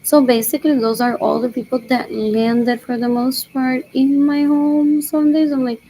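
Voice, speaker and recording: A woman's voice: sits high, steady tone, normal speed, few pauses, mellow, slight background noise, poor audio. A young woman rambling in a solo monologue, repeating herself and muttering as if to herself.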